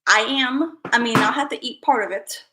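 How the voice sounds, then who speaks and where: Bubbly high-voiced woman streamer. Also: normal speed. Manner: bubbly, excitable, talks to viewers as guys. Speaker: livestream host. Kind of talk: casual livestream chat.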